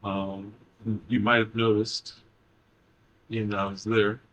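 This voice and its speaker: A man's voice: lowish voice, little pitch movement, slow, fairly bright tone. Man asking a spirit questions. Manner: short agreeable replies. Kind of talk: channeling session.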